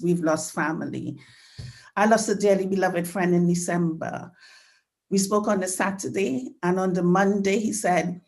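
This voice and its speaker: A woman hosting an online community remembrance event over a video call, earnest and heartfelt, still choked up with emotion. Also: on the low side. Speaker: host.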